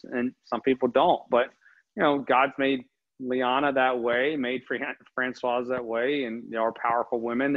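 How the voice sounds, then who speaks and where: A man's voice: mid-range voice, fairly bright tone. A man hosting a casual interview, upbeat and encouraging, asking long rambling questions. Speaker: host. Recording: slightly dull lo-fi audio.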